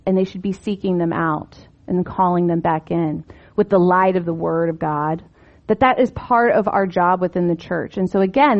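A woman teaching from the Bible in a relaxed, conversational way, often asking rhetorical questions and lifting her voice to stress a point. The recording sounds a little dull and muffled. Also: medium pitch.

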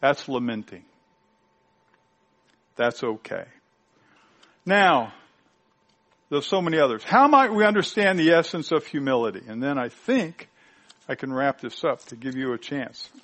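A man preaching a sermon, stressing points loudly and then dropping to quiet asides. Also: animated, unhurried, pauses often. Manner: emphatic, swinging from loud high stresses to quiet low asides.

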